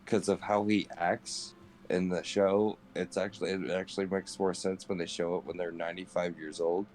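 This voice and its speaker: A man with a low, deep voice chats casually while streaming a game. He rambles from one joke to the next and swears freely, with a faint hiss behind him. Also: flat delivery, normal speed, darkish tone. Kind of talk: casual chat while gaming.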